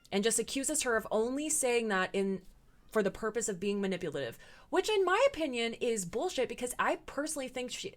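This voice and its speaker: A young adult woman hosting a commentary video, recapping online drama in a blunt, opinionated way and swearing freely. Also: medium pitch.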